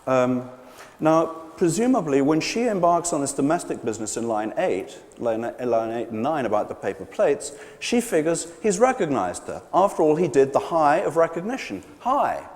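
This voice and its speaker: A man giving a live public lecture, animated and hesitant, with many fillers and restarts. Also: a little high, moderate pace. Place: large gallery pavilion. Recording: long hall reverb.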